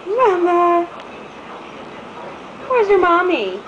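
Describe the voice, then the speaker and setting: A woman's voice: very high-pitched, very animated, very slow, lo-fi sound. A woman cooing in sing-song baby talk to her babies at bath time, filmed on a home camcorder. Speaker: mother filming her babies. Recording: noisy home camcorder audio.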